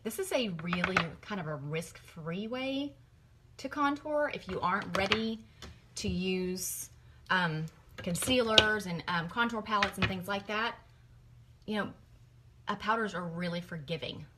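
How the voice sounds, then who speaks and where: A woman's voice: fairly low pitch, moderate pace, heavy background noise. A middle-aged woman, chatting through a makeup tutorial in a gushing, rambling way. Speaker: makeup vlogger.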